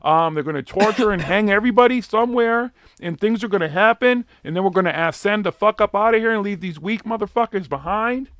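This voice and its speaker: A man with a Boston accent voicing a frantic male conspiracy preacher who shouts and rants. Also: high voice, dry recording, studio quality, pitched above the performer's own voice. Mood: frantic ranting. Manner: shouting, ranting rapidly.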